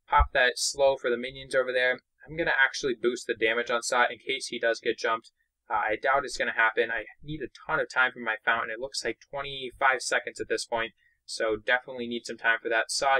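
A young man from Boston giving excitable, chatty commentary while playing a mobile game. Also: medium pitch, poor audio. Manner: excitable, chatty, narrates own moves. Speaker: gaming YouTuber. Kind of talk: let's play commentary.

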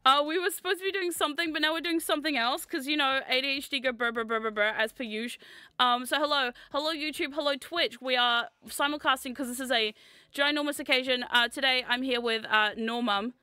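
Excitable young woman, bright voice. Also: sits high, smooth, dry recording. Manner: excitable, giggly, quick reactions. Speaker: streamer, host. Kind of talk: casual livestream chat.

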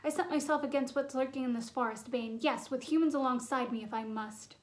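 A woman's voice: high voice, fairly quick, a little hiss or hum, natural voice. A woman reading aloud, voicing a wise, earnest young male centaur who speaks with grave urgency. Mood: fierce.

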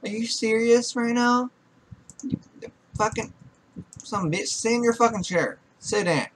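A young gaming YouTuber speaks unhurriedly in a very high voice, with a little background noise. In his profane Let's Play commentary he sounds exasperated, swearing a lot while scolding and bossing around the characters he controls.

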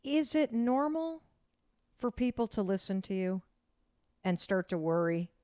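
A woman's voice: medium pitch, animated, a little slow, mellow, clean tone, dry recording, clean studio sound. A woman hosting a podcast interview who asks probing, candid questions. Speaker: podcast host.

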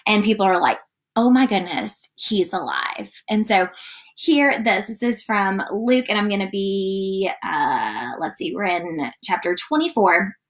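A woman giving a casual morning devotional, chatty and animated, often saying "like" as she reads and talks. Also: medium pitch, measured pace. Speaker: church devotional leader.

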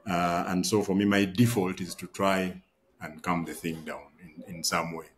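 A man's voice: sits low, level tone, moderate pace. A man hosting a podcast, talking reflectively and thinking aloud with fillers. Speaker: podcast host. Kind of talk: casual conversation.

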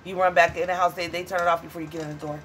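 A woman's voice: fairly low pitch, flat delivery, rapid-fire, fairly bright tone, a little hiss or hum. A woman giving a casual tarot reading to viewers, blunt, profane and dramatic, calling them honey and child. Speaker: tarot reader.

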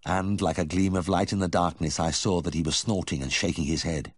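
A man narrating a first-person memoir audiobook in a measured, vivid way. His voice sits very low and sounds husky. The studio recording is close and dry. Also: steady tone, no echo.

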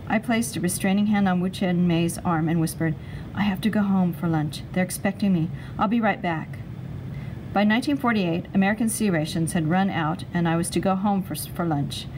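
A woman narrating a chapter book aloud in a steady, expressive storytelling voice. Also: lowish voice, background noise. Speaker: reader.

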